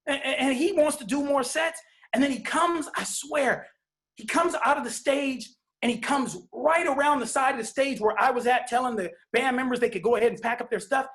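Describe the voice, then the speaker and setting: A middle-aged man telling his story as a father. He speaks in a heartfelt, halting way, stumbling over restarts and coming back to the same phrases again and again. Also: extremely high pitch, a bit bright. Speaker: father sharing testimony. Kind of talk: emotional personal testimony.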